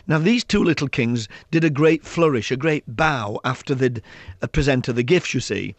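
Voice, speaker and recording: Guy, author spinning funny school stories, gravelly voice, dry sound. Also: medium pitch, moderate pace, no room sound. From South Yorkshire, England. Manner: lively raconteur, acts out children's voices, laughs often. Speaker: author and guest. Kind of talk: anecdotal storytelling in an interview.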